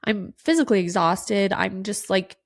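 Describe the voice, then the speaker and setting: Tearful woman with a gravelly voice. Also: mid-range voice, moderate pace. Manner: candid, swears freely, lots of "like". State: tearful, sniffling. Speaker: podcast host. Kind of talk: casual solo podcast talk.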